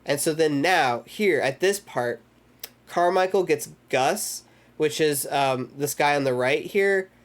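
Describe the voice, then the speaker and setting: This male movie-discussion host speaks slowly in a somewhat high voice. He goes over scenes with enthusiasm in a loose, meandering way, filling the casual chat with filler words.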